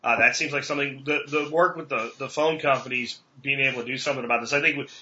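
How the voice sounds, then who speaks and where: Bright-voiced blunt podcast host man. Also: mid-range voice, steady tone, fast talker, highs cut off. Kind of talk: podcast interview.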